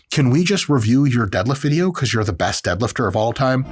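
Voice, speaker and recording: A man in a mid-range voice riffs through casual video commentary, sarcastic and quick with a joke. He swears freely and keeps it loose. Faint music runs under him. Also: medium pitch, expressive. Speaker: exercise scientist host.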